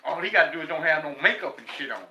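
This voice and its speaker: A man's voice: on the high side, lively intonation, very fast, pushed and bright, reverberant, slight background noise, rough recording. An older man from Texas, telling stories casually and profanely as a guest. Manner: profane, laughing storyteller. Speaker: guest, former prisoner. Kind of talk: casual storytelling.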